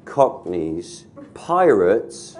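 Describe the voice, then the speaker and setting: A man's voice: on the low side, sing-song, darkish tone, a little hiss or hum. Chatty joking man. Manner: chatty, joking, quick quips. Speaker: co-presenter. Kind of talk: online talk with a co-presenter.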